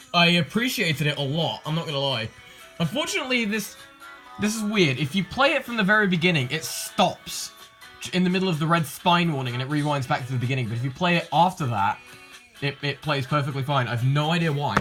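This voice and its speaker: A man's voice: on the high side, sharp tone. Rambling young man, music behind. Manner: rambling, self-correcting, dry asides. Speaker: video collector host. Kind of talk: casual show-and-tell.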